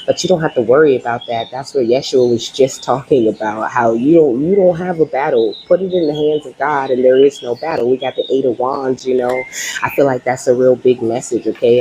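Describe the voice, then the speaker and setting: A woman reads tarot cards for her audience in a loose, chatty way, checking in with "okay?" and "you know?" as she goes. Her voice is mellow and warm, with a faint hiss in the background. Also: extremely low pitch, poor audio. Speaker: tarot reader. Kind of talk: casual spiritual tarot reading.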